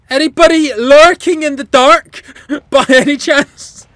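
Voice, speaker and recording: A woman's voice: high-pitched, a little slow, no room sound, studio quality. A woman hosting a horror game let's play, jumpy and joking, swearing freely and talking back to the characters on screen. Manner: animated and joking, laughs often. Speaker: gaming channel host.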